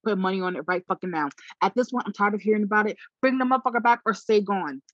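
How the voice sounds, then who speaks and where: A woman's voice: mid-range voice, fast talker, fairly bright tone, dry recording, lo-fi sound. A woman venting bluntly in casual chat, exasperated and swearing freely.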